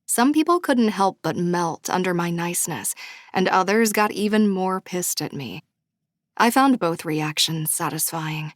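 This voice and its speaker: A woman narrating a romance audiobook in first person, bubbly and expressive. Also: on the low side, measured pace, no echo, studio quality. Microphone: studio microphone.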